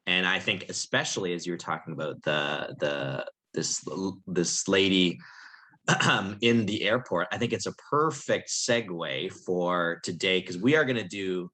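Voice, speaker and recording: Deep bright-voiced man, chatty co-host. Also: unhurried. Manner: chatty, hesitant, many ums and restarts. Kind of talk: casual chat. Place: church.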